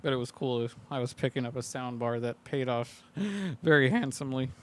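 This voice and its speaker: A man's voice: mid-range voice, moderate pace, a little hiss or hum. A man co-hosting a podcast, casually recapping a movie and swearing a lot while acting out characters' lines. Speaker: podcast co-host.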